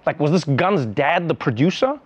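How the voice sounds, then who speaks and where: A man's voice: a little high, big pitch swings, normal speed, slightly rough, lo-fi sound. A man hosting a comedy show, delivering a sarcastic, incredulous satirical monologue.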